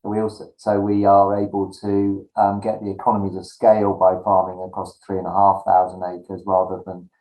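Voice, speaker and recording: A man, a farm business partner, answering interview questions in a measured, methodical way. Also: low voice, completely flat delivery, dark tone, roomy sound, rough recording.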